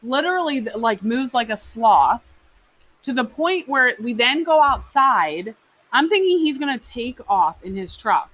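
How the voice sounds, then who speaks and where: A young woman with a bright, fairly high voice co-hosts a casual podcast. She tells her stories with animated drama and slips into the voices of the people she quotes. She keeps the chat lively and playful. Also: a little slow. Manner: animated, dramatic storyteller who acts out quoted dialogue. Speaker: podcast co-host.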